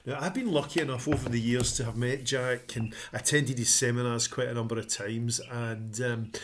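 A man's voice: mid-range voice, steady tone, background noise. Upbeat man vlogging. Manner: upbeat and encouraging, pausing with frequent ums. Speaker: motivational vlogger. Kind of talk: casual talk to camera.

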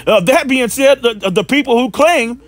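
A man from Western North Carolina preaches informally and reads scripture aloud at normal speed in an extremely high-pitched voice. He sounds scornful and repetitive and often stumbles over his words.

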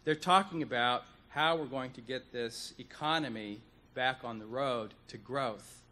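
A man delivers a conference speech in a bright, forward voice at a middle pitch. He talks earnestly and deliberately, repeating key words to drive his points home. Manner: earnest, deliberate lecturing with emphatic repetitions. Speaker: economist speaker. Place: conference hall.

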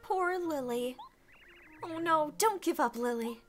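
A woman's voice: high-pitched, animated, takes it slowly, a little hiss or hum, pitched above the performer's own voice. A woman voicing a dramatic, vain young female flower spirit, gushing and melodramatic as she reads game dialogue aloud.

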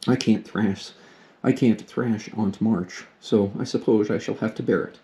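A man voicing a lively, frank teenage girl, eager and a little awkward, as he reads a storybook aloud. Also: fairly low pitch, a little slow. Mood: candid.

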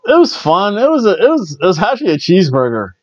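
A man's voice: high-pitched, huge pitch swings, fast, darkish tone, dry recording, muffled recording. A man hosting a casual solo wrestling review, chatty and rambling, often stumbling and restarting his words. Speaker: wrestling show reviewer, host.

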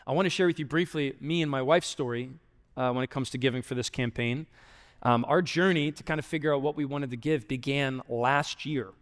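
A young adult male pastor giving an earnest, conversational sermon that drops quiet for emphasis. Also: medium pitch, brisk. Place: large church auditorium. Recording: long hall reverb.

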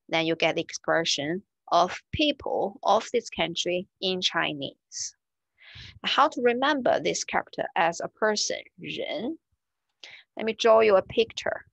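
A woman teaching a language lesson, repeating each word slowly and clearly. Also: medium pitch, no echo. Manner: slow, clear repetition of words. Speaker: Chinese teacher.

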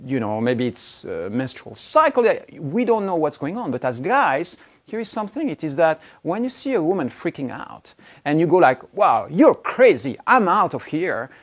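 A man coaching to camera, emphatic and repeating phrases for stress, acting out quoted speech with big swings in pitch. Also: very animated, normal speed. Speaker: relationship coach. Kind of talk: direct-to-camera coaching talk.

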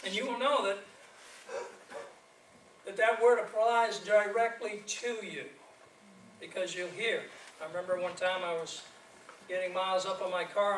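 A man with a high voice preaches as an evangelist, lively and laughing as he tells stories through his sermon. It's recorded from a distance in an echoey church sanctuary, with a little hiss or hum.

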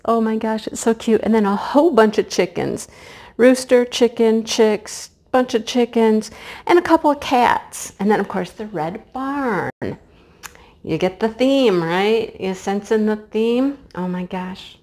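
A woman chatting casually to her viewers as she unboxes a craft kit, gushing with excitement. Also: medium pitch, unhurried. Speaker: craft vlogger.

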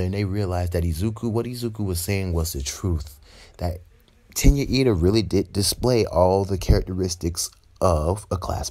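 A young man tells an improvised fan story in a fairly low voice. He rambles and corrects himself as he goes. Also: mellow.

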